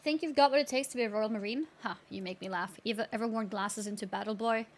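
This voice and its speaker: A woman's voice: fairly high pitch, fast talker, lightly acted. Woman reading a barking marine drill sergeant. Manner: barking, insulting orders.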